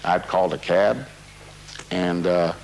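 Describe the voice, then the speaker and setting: A man's voice: low voice, slow, gravelly, a little mellow, low-quality recording. A man being interviewed, recounting a personal memory in a rambling, casual way with many fillers and restarts. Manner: casual, drops "man" into his talk.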